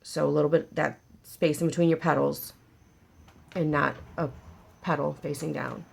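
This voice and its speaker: A woman's voice: low-pitched, fairly even intonation, moderate pace, creaky, slightly rough. A woman hosting a casual paper craft tutorial, chatty and joking with her viewers as she works. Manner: chatty, jokey, talks to viewers while working.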